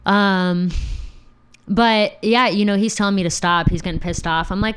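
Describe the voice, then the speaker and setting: A woman's voice: mid-range voice, steady tone, normal speed, clear, resonant tone. A young adult woman hosting a podcast, frankly telling a story from her own life, profane and laughing. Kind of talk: candid personal storytelling.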